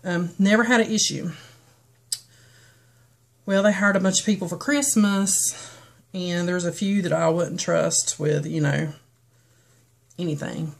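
A beauty vlogger from western North Carolina chats through a get-ready-with-me video, her Southern foothills accent toned down. Her voice is fairly low, gravelly, fairly even in intonation and a little slow, and she pauses often. She rambles casually, with plenty of ums and restarts.

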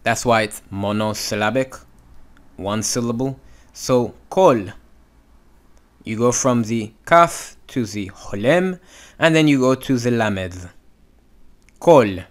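A man's voice: medium pitch, a little slow. A man teaching Hebrew reading, patiently sounding out letters and syllables step by step. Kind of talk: instructional walkthrough.

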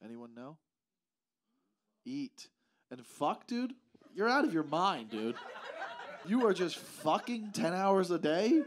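A man's voice: high-pitched, very animated, takes it slowly, pauses often, slight background noise. A man doing profane stand-up crowd work on a club stage, teasing audience members over a handheld mic. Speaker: stand-up comedian. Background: audience laughter.

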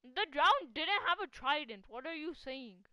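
A woman giving casual gameplay commentary in a high, bright voice that swings widely in pitch. She talks at an unhurried pace, laughing often and teasing her teammate. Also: expressive, dry recording. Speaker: gaming channel host.

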